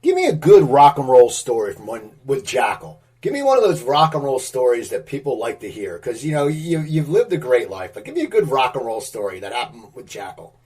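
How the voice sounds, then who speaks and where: A man's voice: mid-range voice, big pitch swings, brisk, few pauses, a little mellow, husky. A man hosting a podcast, asking questions with stumbling repetitions. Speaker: podcast host. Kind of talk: interview questions.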